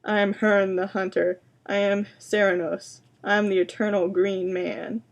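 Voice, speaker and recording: A woman voicing an ancient, towering male tree monster who speaks slowly and grandly, rising to a roar. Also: medium pitch, flat delivery, natural voice.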